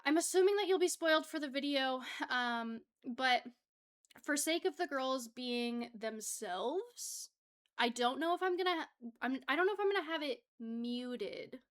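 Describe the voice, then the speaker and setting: A woman's voice: high-pitched, lively intonation, a little slow, a bit bright. A young woman hosting a casual livestream from her home setup, chatting with viewers in a bubbly, giggly way and getting easily flustered. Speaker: livestream host.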